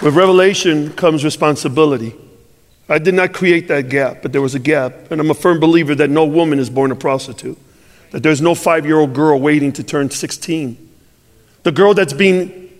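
A man's voice: on the high side, in a large hall. A male pastor telling a personal story in a sermon, acting out the dialogue and building to fervent preaching.

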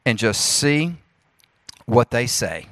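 A man in his thirties with a Southern US accent, giving a lively, preacherly leadership talk to a youth group and speaking straight to the audience. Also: mid-range voice, slow, no echo. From Jackson, Mississippi.

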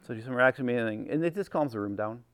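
A man's voice: mid-range voice, expressive, fast talker, clean tone, dry recording, clean studio sound. A middle-aged man giving an informal teaching talk to a group. He acts out little quotes and keeps checking in with "right?". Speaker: workshop speaker, former chaplain.

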